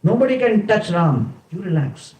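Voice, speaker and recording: A man voicing a calm young prince who speaks in a steady, reassuring way. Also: high-pitched, moderate pace, highs cut off, pitched above the performer's own voice. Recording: roomy, distant from mic.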